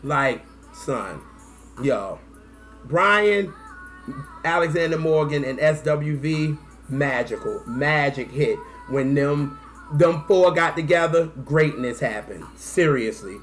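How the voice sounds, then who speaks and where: Male fan vlogger, casual and slangy, excitable delivery, voice sitting a bit high. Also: takes it slowly, faint music behind. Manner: excitable and slangy, with bursts of whoops and laughter.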